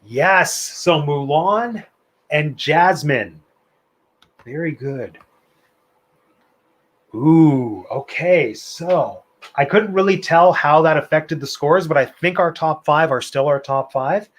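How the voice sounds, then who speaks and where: A man's voice: fairly high pitch, slow pace. A man hosting a live online trivia night, reading out questions and answers in a chatty, playful way with opinionated asides. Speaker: trivia host.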